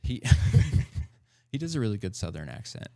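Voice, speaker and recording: A man talking as a podcast guest in casual chat, animated and full of fillers and laughs, close to the mic. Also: on the low side, a little slow, vocal fry, dry recording.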